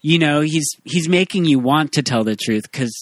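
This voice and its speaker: A man co-hosting a podcast, chatty and animated, acting out his reactions to a movie. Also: fairly high pitch, moderate pace, no echo, clean studio sound. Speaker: podcast co-host. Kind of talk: casual movie discussion.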